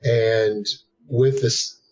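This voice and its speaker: A man playing in a tabletop role-playing game, asking halting questions about his character. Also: medium pitch, fairly even intonation, a little mellow, highs cut off. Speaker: player. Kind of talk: casual table talk.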